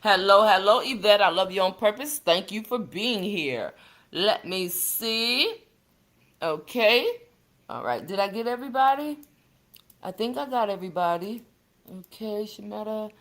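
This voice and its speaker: A woman's voice: medium pitch, animated, a little slow, fairly bright tone. A woman talks through a casual livestream. She chats freely with her viewers, greeting them by name and calling them sister and baby as she reads the comments. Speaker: livestream host.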